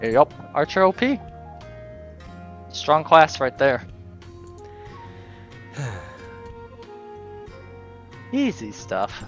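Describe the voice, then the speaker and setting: A man's voice: on the high side, huge pitch swings, very slow, long pauses, a bit bright, soft background music. A man streaming, chatting casually and explaining game tactics, swearing now and then. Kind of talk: casual chat while gaming.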